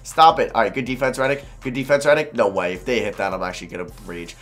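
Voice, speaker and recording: A man giving live commentary over his own basketball video game, excitable and quick to frustrated outbursts. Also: mid-range voice, soft background music. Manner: excitable, swings between calm and frustrated outbursts; swears and groans at misses.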